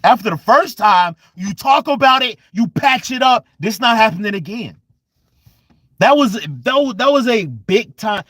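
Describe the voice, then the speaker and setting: High-pitched ranting man, slow drawl. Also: animated, husky, dry recording, clean studio sound. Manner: exasperated, repeats himself, swings from loud to muttering. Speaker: sports fan channel host. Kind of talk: live-stream rant.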